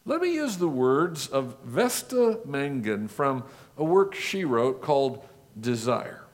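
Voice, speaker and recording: A man's voice: medium pitch, sing-song. A male pastor preaching a sermon, building his points with lists and rhetorical questions. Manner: rhetorical questions, measured listing.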